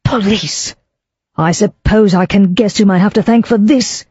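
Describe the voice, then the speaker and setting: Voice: mid-range voice, unhurried, darkish tone, slightly rough, no room sound, voice pushed up. Imperious older aristocrat, venomous, dry slightly dull audio, read by the narrator. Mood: scornful. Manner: haughty, commanding.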